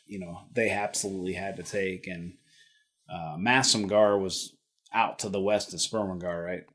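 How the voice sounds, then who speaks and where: A middle-aged man with a fairly low voice talks casually as a guest. He stumbles and restarts his phrases. He laughs easily. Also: fairly even intonation, moderate pace, a bit bright, husky. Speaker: guest, retired Army helicopter pilot. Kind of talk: casual conversation.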